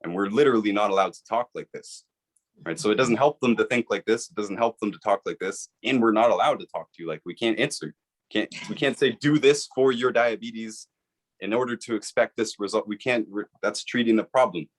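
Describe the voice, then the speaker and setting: A man's voice: lowish voice, quick pace. A man, the guest and author, explaining his views in an interview with an earnest, persuasive manner, often checking in with "right?".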